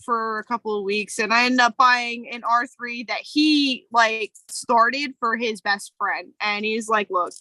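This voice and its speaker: Bright-voiced woman telling a story. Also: fairly high pitch, fairly even intonation, unhurried, few pauses, dry recording, rough recording. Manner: candid, emotional storytelling with frequent fillers. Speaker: podcast co-host. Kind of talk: casual chat.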